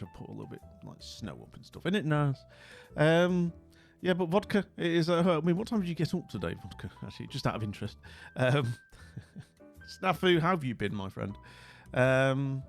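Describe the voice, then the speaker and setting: A middle-aged man hosting a livestream, chatting casually and jovially with viewers and rambling through lots of fillers. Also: medium pitch. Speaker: livestream host. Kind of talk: casual chat with live viewers.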